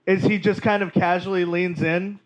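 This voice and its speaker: A man's voice: high-pitched, steady tone, normal speed, dull audio, a little hiss or hum. A man from Georgia telling a wry, profane story in a stand-up set on a comedy club stage.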